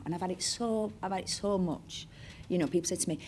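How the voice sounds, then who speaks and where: A woman's voice: fairly low pitch, fast talker, warm tone, a little hiss or hum. A woman with a Bolton accent, a chatty, digressive storyteller who acts out the voices of people she is quoting in an onstage interview. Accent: Northern English, Bolton. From Bolton, Northern England. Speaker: actress, interview guest. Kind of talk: onstage interview, anecdotal chat.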